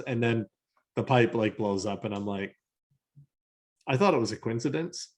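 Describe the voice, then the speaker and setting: A man's voice: medium pitch, lively intonation, moderate pace, long pauses, a little mellow. A man co-hosting a podcast in casual chat, joking and laughing as he talks through the episode. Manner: jokey, laughs through remarks. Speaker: podcast co-host.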